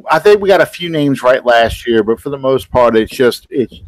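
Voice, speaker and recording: A man's voice: mid-range voice, expressive, normal speed, no echo, low-quality recording. Easygoing male podcast host, dry sound. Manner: easygoing, wraps up the show. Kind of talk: casual podcast chat.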